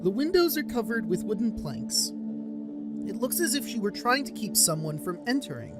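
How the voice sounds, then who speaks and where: A determined young doctor speaks in a measured, earnest tone, as a man reads him out. His pitch rises and falls widely. Game music plays clearly behind him. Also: sing-song.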